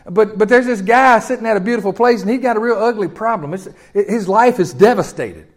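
Male pastor, sermon, high voice, conversational, storytelling, swells up then drops low. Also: fairly quick.

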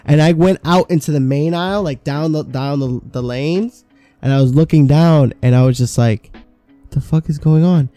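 Brief: man, podcast co-host, mellow dark tone, dry close sound, loose rambling swear-heavy storytelling. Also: fairly high pitch, moderate pace, no echo, faint music behind. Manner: profane, rambling, animated storyteller. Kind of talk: casual storytelling chat.

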